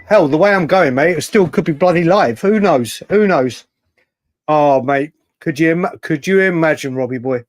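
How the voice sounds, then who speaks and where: Guy live-streaming late at night, excitable, reading chat comments, dead dry sound. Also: fairly high pitch, no echo. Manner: chatty, reads out viewer comments, excitable. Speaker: livestream host.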